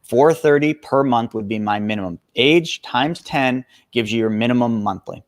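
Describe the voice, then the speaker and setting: A man's voice: mid-range voice, normal speed, no echo. Fired up 40s guy on a podcast, punchy, dry sound. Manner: energetic and emphatic, addresses listeners as folks. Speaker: guest expert. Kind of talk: podcast interview.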